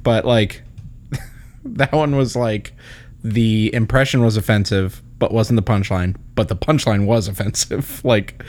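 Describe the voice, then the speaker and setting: A man's voice: on the low side, fairly even intonation, a little slow, a little mellow. A man in casual podcast chat who agrees readily, laughs often and rambles with lots of fillers.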